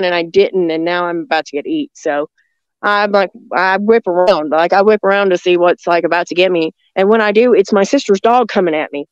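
A woman's voice: mid-range voice, no echo. A woman telling a story in a casual, chatty way, full of likes and ums. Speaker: guest. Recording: dull dry audio.

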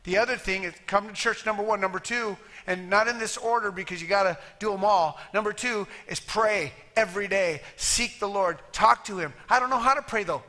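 A high, bright male voice preaching in a church sanctuary. He talks plainly and emphatically, sometimes putting on little voices to poke fun. The tone is forceful and lively. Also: moderate pace, few pauses. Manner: plain-spoken, emphatic, mimics voices for humor. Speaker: pastor. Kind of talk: sermon with altar call.

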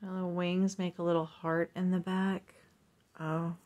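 Woman, unboxing vlog, soft-spoken, lowish pitch, unhurried. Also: little pitch movement. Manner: slow, soft-spoken, drifting into gentle whispers and coos. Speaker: vlogger unboxing a purchase. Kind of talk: casual unboxing chat.

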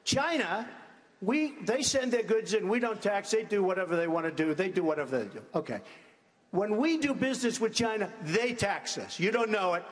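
A man in a large debate hall, answering questions in an emphatic, repetitive way and talking over anyone who cuts in. His voice sits a little high, and a long reverb hangs behind it. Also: animated, fairly quick. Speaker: presidential debate candidate.

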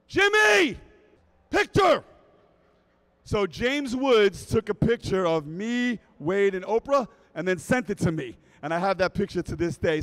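A man giving a lively talk at a fish convention, telling anecdotes and addressing the crowd directly. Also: sits high, poor audio. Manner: animated storyteller who acts out quotes. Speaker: guest speaker at a fish convention.

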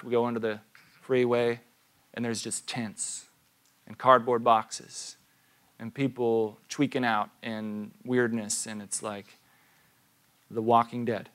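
Casting note: pastor in his thirties, mid-pitched male voice, talks to the congregation like a storyteller. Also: a bit bright. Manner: conversational storytelling with rhetorical questions. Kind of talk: sermon. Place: church.

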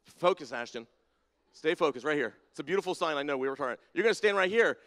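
In a big church sanctuary lit by spotlights and ringed by a balcony, a man runs a playful congregation activity, teasing folks and summoning them by name. His voice sits on the high side, animated and quick, with a fairly bright tone, and the hall's long reverb trails every word.

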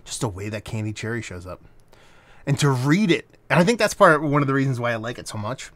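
A man's voice: mid-range voice, brisk, no echo. A man reviewing a beer on camera in a casual, rambling way, swearing now and then. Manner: animated, rambling, swears freely.

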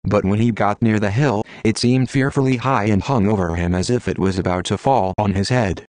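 Low-voiced man narrating a storybook. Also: moderate pace, a little mellow, dry recording. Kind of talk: storybook narration with character quotes.

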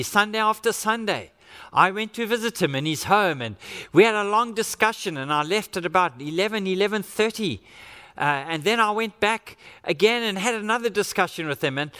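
A man's voice: high-pitched, sharp tone. A man preaching a sermon as pastor, earnest and acting out the quotes he reads. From Australia. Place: church. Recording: church hall reverb.

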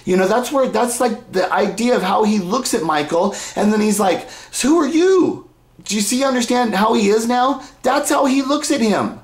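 A man's voice: sits high, normal speed, hardly any pauses. Casual male reaction commentator, loose and rambling, roomy sound. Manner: rambling, sighs and laughs, restarts.

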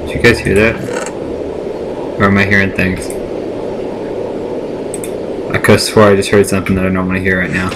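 A man's voice: sits low, flat delivery, normal speed, long pauses. A man chatting casually to himself and his viewers as he plays a game, recorded on a built-in laptop microphone. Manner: chatty, rambling self-talk to viewers. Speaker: let's play gamer. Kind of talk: casual gameplay commentary. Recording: noisy lo-fi laptop mic recording.

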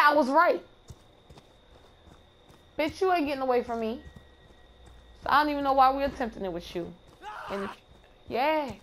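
A woman streamer commenting on her gameplay in a casual, profane, trash-talking way. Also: high-pitched. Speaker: gamer streamer.

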